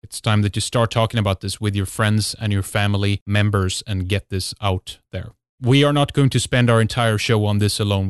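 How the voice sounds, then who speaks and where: A man with a fairly low voice delivers a host's monologue, pressing hard with rhetorical questions. His speech is dry and close, padded with frequent fillers. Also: smooth, no room sound. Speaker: host. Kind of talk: monologue intro to a talk show.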